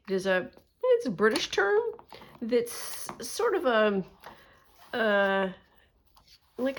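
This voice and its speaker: A woman's voice: fairly high pitch, very animated, slow, long pauses, a little hiss or hum. A woman with a Canadian accent talks to her viewers in a loose, rambling way, filling the gaps with little ums and restarts. She comes across as self-deprecating and easygoing while she works on her crafts. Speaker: crafting vlogger. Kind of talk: casual chat while drawing.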